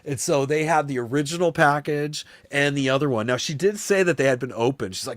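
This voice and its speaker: A man hosting a live stream, telling a long story to his chat in a rambling, animated way, swearing freely and acting out other people's voices. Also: medium pitch, fast talker, hardly any pauses, no echo. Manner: rambling, animated, swears a lot, often says "you know what I mean".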